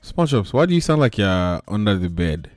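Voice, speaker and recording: A man with a very low voice hosts a loose online chat show, joking with friends over a video call. He laughs easily and drifts into fillers as he talks. The sound is dry and close to the mic. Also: a little fast, dry recording, faint music behind. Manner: lively, joking, laughs often, trails off with fillers. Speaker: podcast host.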